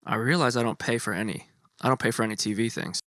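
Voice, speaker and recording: A young man co-hosting a podcast in relaxed casual chat, swearing now and then. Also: fast, dry recording, studio quality. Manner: laid-back, swearing, low-key. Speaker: podcast co-host.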